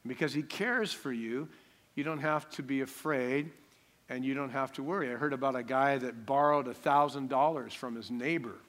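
Male preacher, bright and emphatic, call-and-response sermon delivery. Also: mid-range voice, moderate pace. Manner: emphatic, repeats key lines, call-and-response. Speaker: pastor.

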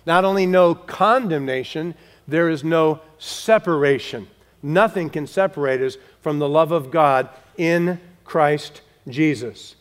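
A man preaching a sermon to his congregation, slowing for emphasis and dropping to a hush on key words. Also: fairly high pitch. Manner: direct, talks to the congregation. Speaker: pastor.

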